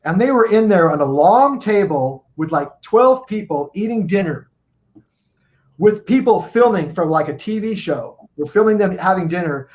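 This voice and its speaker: A man on a video call stream, telling tour stories in an animated, rambling, profane way. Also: high-pitched. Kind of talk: casual storytelling on a live video stream.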